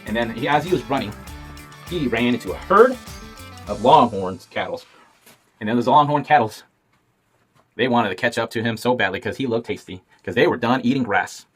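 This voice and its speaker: Animated man telling a folksy tale. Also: medium pitch, moderate pace, pauses often, husky, faint music behind. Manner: playful, folksy, voices characters. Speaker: storyteller. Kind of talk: animated storytelling.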